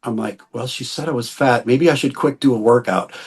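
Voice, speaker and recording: A middle-aged man telling a long anecdote in a casual interview, animated, acting out the quoted voices and laughing often. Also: mid-range voice, a little fast, slightly rough. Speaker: interview guest.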